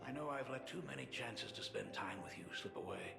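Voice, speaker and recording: A man's voice: mid-range voice, lively intonation, a little fast, vocal fry. An actor playing a teasing older male painter who is an estranged father, with a playful, chuckling manner. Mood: jovial. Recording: echoey game audio with loud music.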